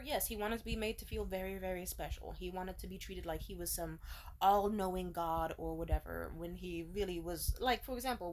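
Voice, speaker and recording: A woman's voice: mid-range voice, a little hiss or hum. A young woman vlogger telling a dating story, blunt and profane, with sarcastic laughing asides. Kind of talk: casual storytime rant.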